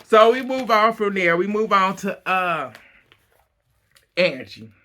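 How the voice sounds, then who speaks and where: A man's voice: sits high, expressive, slow pace, sharp tone. A man giving a blunt, profane, exasperated casual recap of a reality TV episode.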